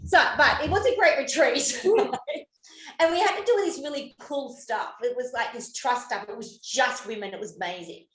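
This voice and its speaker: A high-voiced woman chatting casually as a podcast co-host. She swears freely and laughs often. Her voice carries the echo of a roomy space. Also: moderate pace, a bit bright. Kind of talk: casual chat.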